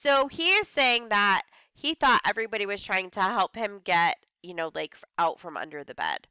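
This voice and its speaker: Lady teacher reading a story to the class, smooth clear voice, dry slightly dull recording. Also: mid-range voice, big pitch swings, bright, forceful tone, no room sound. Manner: pauses reading to paraphrase hard words in simple terms. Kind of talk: reading a story aloud to a class and explaining words.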